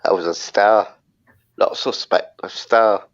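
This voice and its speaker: A man's voice: on the low side, steady tone, a little slow, muffled recording. English man with dry teasing banter. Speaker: panel guest. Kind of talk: casual chat.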